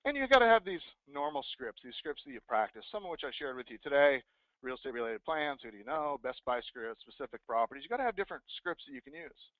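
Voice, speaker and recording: A man giving an energetic motivational sales talk to real estate agents, acting out sample phone scripts. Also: mid-range voice, fast talker, dry recording. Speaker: real estate team leader and speaker. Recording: dry, phone-like thin sound.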